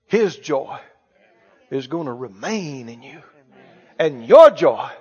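A man's voice: on the high side, very animated, takes it slowly, long pauses, a little mellow, slightly rough. A man preaching a sermon, calling out to the congregation for responses. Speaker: pastor. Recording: muffled church hall recording.

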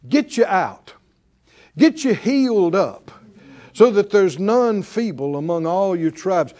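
An animated male preacher with a high, lively voice that swings up and down. He delivers his sermon in a slow, deliberate pace, emphatic and folksy, repeating his key words with a ready chuckle. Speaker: Bible teacher.

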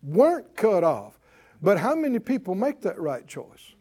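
A middle-aged man preaching a sermon, calling out to his congregation and swinging between loud declarations and quiet asides. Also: high-pitched, sing-song, unhurried, husky. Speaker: pastor.

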